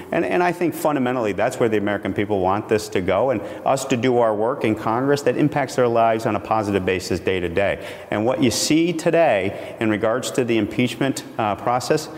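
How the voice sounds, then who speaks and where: A man appearing as a congressman guest in a news interview, answering in a measured, hedging way. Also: fairly low pitch, darkish tone, in a large hall.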